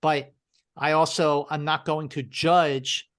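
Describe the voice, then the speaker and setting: A man's voice: on the high side, flat delivery, a bit bright. A man appearing as a podcast guest, making his points emphatically in casual chat. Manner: emphatic, measured arguing.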